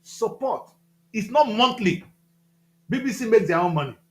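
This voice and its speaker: A man with a Nigerian accent giving impassioned talk-show commentary, emphatic and repetitive, with loud outbursts. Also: high voice, expressive, moderate pace, roomy sound.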